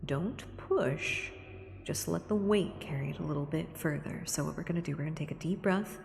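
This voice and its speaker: Woman, low voice, gravelly, gentle slow whisper, echoey reverberant room. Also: slight background noise. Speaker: streamer. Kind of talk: soft-spoken ASMR stream chat.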